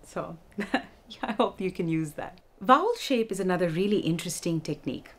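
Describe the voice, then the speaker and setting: A woman vocal instructor giving a music lesson, explaining techniques clearly and demonstrating them. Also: lowish voice, lively intonation, brisk.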